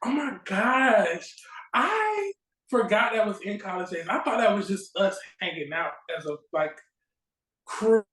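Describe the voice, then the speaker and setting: A woman chatting as a guest at home, spinning lively stories and voicing past conversations. Her voice sits mid-height for a woman. The sound rings in an echoey room. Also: mid-range voice, a little slow. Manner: lively storyteller acting out quoted exchanges. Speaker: guest actress. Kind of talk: casual interview chat. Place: at home near a railway line.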